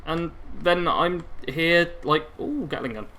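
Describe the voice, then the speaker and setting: A man's voice: on the high side, slow pace, pushed and bright. A man in his twenties chatting casually with his viewers while playing a game, rambling and reacting to the action mid-sentence. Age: 20s. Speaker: gaming livestreamer.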